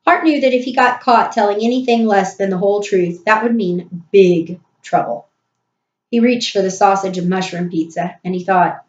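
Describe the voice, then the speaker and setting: A woman narrating a storybook in an even, clear way. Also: medium pitch, moderate pace. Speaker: audiobook reader. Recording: roomy, dull recording.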